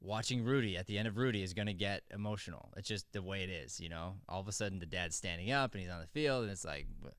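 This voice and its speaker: A middle-aged man with a fairly low voice talks through acting craft in a casual podcast chat. He is earnest and rambling and often restarts his sentences. The sound is dry and close, with no room behind it. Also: fast, few pauses, fairly bright tone, smooth, no echo. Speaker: acting coach and podcast host.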